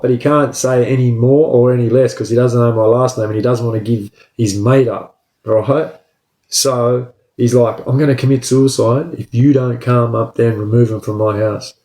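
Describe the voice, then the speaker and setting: A man's voice: medium pitch, moderate pace. A man telling a story from his own life, casual and profane, tagging lines with "bro" and "right?". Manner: profane, animated, says "bro" and "right?" constantly. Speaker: storyteller recounting his prison escape. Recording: roomy echo.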